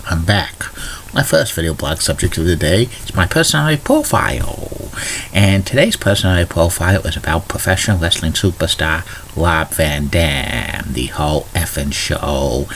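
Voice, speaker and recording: A man with a deep, low-pitched voice hosts a casual morning video blog. He runs through news items and trivia in a plain, chatty read and stumbles into small restarts now and then. A faint hum of noise sits under his voice. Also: normal speed, a bit bright. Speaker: video blogger.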